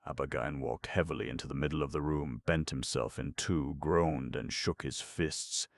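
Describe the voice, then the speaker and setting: A man narrating a classic short story for an audiobook in a measured, literary way. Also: a bass voice, fairly even intonation, vocal fry, dry recording, studio quality. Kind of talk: scripted narration.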